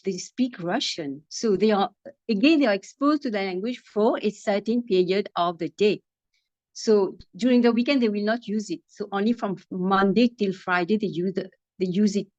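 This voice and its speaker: A woman's voice: medium pitch, a little mellow, no echo. A woman teacher with a Mauritian accent, explaining thoughtfully in an interview with many restarts. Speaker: English teacher. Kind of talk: video call interview answer. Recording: dry, muffled video call audio.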